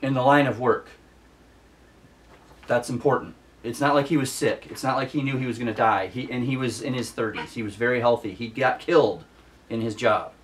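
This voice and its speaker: A man's voice: medium pitch, brisk, distant mic. A man hosting a casual book review vlog, ranting with exasperation and repeating himself for emphasis. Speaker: book vlogger.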